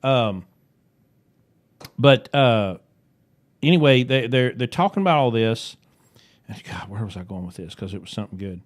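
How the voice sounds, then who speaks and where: A man's voice: medium pitch, expressive, normal speed, long pauses. A man with a West Virginian accent, co-hosting a podcast in casual chat, telling rambling, jokey stories in a folksy way. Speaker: podcast co-host.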